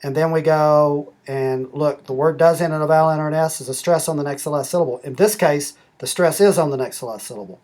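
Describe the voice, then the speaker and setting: A middle-aged man walking through a language-learning app step by step, explaining rules slowly and methodically. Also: fairly high pitch, darkish tone. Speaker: app demonstrator. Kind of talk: screen-recorded app tutorial.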